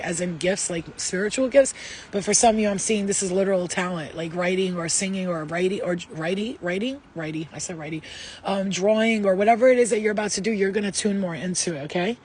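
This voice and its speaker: A woman's voice: medium pitch, a little mellow. Woman, psychic reader, live reading, rambling, emotional, faint background noise. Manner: rambling, emotional, many restarts and fillers. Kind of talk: live spiritual reading to viewers.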